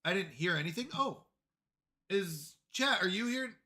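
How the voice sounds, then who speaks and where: A man talks to his live chat while he plays a game. His voice sits a little high and sounds very bright and forward. He comes across as flustered and apologetic and repeats short phrases while he fixes things. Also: lively intonation, a little slow. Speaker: livestreamer. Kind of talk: casual live gaming stream chat.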